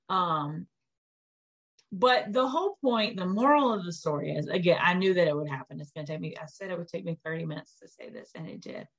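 A young adult woman hosting a podcast, telling a story in a rambling, animated way with lots of "like" fillers and casual swearing. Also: fairly low pitch. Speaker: podcast host.

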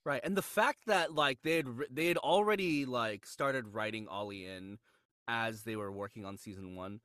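A voice-actor guest chatting on a podcast, his voice bright and forward, recorded close and dry with no room sound. He tells anecdotes animatedly, with frequent restarts and sudden jumps up in pitch. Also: moderate pace, no room sound. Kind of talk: casual podcast chat.

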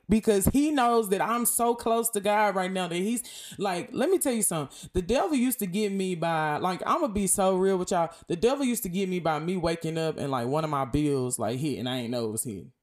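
A young woman talks to her listeners like friends, casual and lively. She swings between calm stretches and sudden bursts of preachy excitement. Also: mid-range voice, normal speed. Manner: lively, animated, preachy and conversational. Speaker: podcast host. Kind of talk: casual faith talk.

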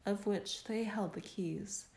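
Woman reader, dramatic audiobook narration, very unhurried, warm and mellow. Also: medium pitch. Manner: slow, measured, solemn delivery.

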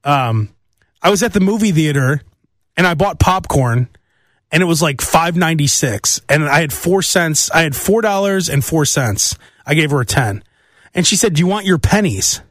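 A man rambles through a comedic solo monologue, his high voice swinging widely as he acts out the people in his stories. The sound is close and dry, with no room around it. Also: normal speed, no room sound. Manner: rambling, animated storytelling with mimicked voices. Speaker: podcast host.

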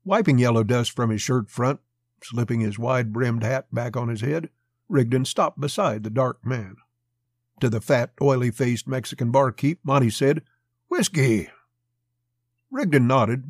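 A man narrating a western story as an audiobook, in a steady, measured telling. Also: medium pitch, no echo.

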